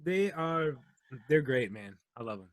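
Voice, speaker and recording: A man's voice: fairly high pitch, sing-song, unhurried, a little hiss or hum. A man in a casual chat who talks emphatically and swears freely. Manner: emphatic, foul-mouthed.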